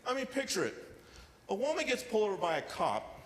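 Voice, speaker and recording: A man performing a stand-up comedy set with deadpan storytelling and acted-out quotes, on a casino showroom stage. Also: high voice, a little fast, a little hiss or hum. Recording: live hall reverb with faint ambience.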